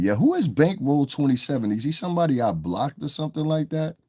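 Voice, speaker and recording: A man's voice: on the high side, very animated, quick pace, few pauses, darkish tone, no echo, studio quality. A man hosting a live stream, talking loosely and with lots of cursing to viewers in the chat. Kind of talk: casual live-stream commentary.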